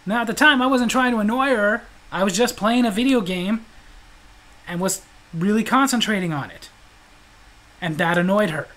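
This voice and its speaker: A man with a high voice hosts his own show, telling funny stories at a normal pace. He jokes, stays animated, and laughs often, though the audio quality is poor.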